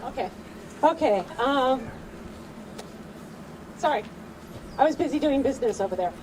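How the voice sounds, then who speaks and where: A woman's voice: high voice, animated, measured pace, distant mic, background noise. A woman organizer calling up the next speakers in a hesitant, apologetic way. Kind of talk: informal emcee remarks.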